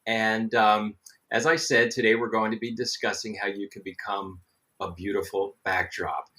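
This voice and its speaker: A man's voice: lowish voice, little pitch movement, normal speed, pushed and bright. A middle-aged man hosting a live webcast, chatting in a friendly way with many ums and greeting viewers by name. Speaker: show host. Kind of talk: live webcast host chat.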